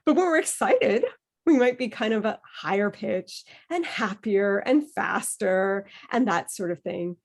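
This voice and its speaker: A woman leads a voice workshop over a video call, taking her time with every phrase. Her manner is playful and encouraging, and she keeps breaking into little vocal demonstrations. Her pitch sits in the middle range. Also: lively intonation, unhurried, a little mellow. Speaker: workshop leader. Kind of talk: online workshop instruction.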